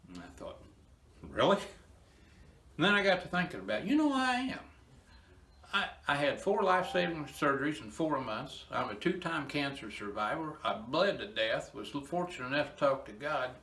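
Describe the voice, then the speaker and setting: An older man tells his story in an earnest, emotional, homespun way. His voice is bright and forceful. The sound rings around the hollow space of a barn. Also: mid-range voice, lively intonation, brisk, hardly any pauses, echoey room. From Indiana, USA. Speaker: inspirational storyteller. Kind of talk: personal testimony talk.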